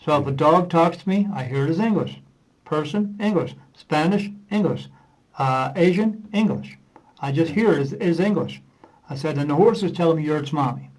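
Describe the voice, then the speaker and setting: A man with a fairly high voice chats as a podcast guest, spinning loose, rambling anecdotes. He slips into the voices of the people in his stories and fills his pauses with uh. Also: rough recording. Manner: rambling anecdotes, acting out dialogue with many uh fillers. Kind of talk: casual storytelling in a podcast interview.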